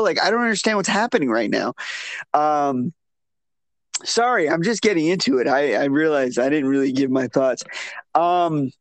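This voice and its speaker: A man co-hosting a casual film review podcast, rambling and restarting his sentences, turning animated when he is incredulous. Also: fairly high pitch, dry recording. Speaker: podcast co-host.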